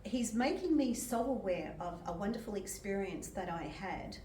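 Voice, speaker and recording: An older woman, a medium and reverend, gives a sermon with personal testimony in a gentle, emotional way and laughs often. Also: mid-range voice, expressive, moderate pace, a little hiss or hum. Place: church hall. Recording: echoey hall from far off.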